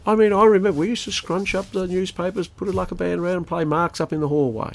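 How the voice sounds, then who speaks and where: A middle-aged Australian father co-hosts a podcast with his son, rambling casually through stories and laughing along. His high-pitched voice is gravelly, fast and fairly even in intonation, with a crowd audible behind him.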